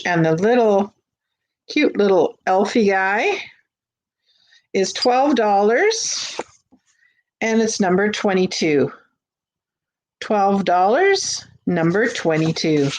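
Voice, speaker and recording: A woman's voice: medium pitch, expressive. A woman hosting a live vintage sale from her home, chatting casually with fillers as she shows each item. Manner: chatty, unhurried, with frequent fillers and restarts. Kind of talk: casual live-stream selling. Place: home on a busy street.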